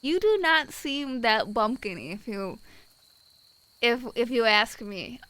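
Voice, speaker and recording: A woman's voice: a little high, animated, takes it slowly, fairly bright tone. A young woman streaming live, chatting casually and reading out viewers' messages in a blunt, wry way.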